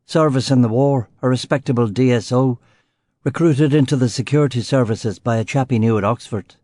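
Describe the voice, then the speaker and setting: A man reads a first-person crime novel aloud with terse, wry phrasing. His voice sits mid-range and has a warm, mellow tone. The sound is close and dry. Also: medium pitch, a little fast, dry recording. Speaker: audiobook narrator.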